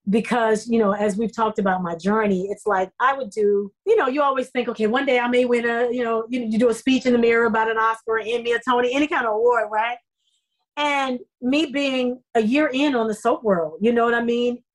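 A middle-aged soap opera actor, appearing as an interview guest, shares stories from her acting life in a casual chat. Her fairly high voice moves fairly quickly, and she's effusive and animated, full of fillers. The audio is poor.

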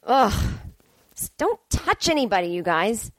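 A woman host rants bluntly through a casual comedic podcast monologue at home, swearing freely as she reacts to listener emails. Her voice sits at an ordinary middle pitch. The sound is dry and close, with no room echo. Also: very animated, a little slow.

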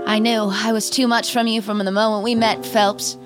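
A grandiose old-Hollywood film diva and pushy stage mother, her mid-Atlantic accent full of airs, played by a woman. The voice sits fairly high, and every line comes out haughty and theatrical. Clear music plays behind her. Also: little pitch movement, normal speed, close to an everyday voice.

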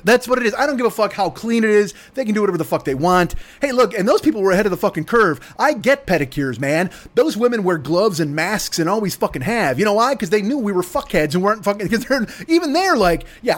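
High-voiced ranting comedian. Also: male voice, animated, fairly quick. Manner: rants with heavy swearing and mock voices. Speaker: podcast host. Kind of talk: profane comedic rant.

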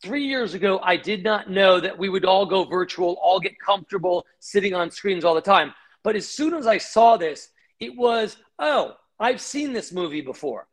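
Middle-aged guy, pretty high voice, rattling off business stories, super animated. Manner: fast, animated, acts out quoted voices. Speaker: guest, company founder. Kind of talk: animated storytelling interview.

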